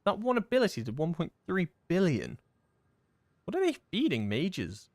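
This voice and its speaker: A man's voice: high voice, wildly swooping pitch, a little mellow, dry recording. Chatty man streaming a game, dry close sound. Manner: rambling and chatty, with many fillers and quick laughs. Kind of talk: casual live-stream chat while gaming.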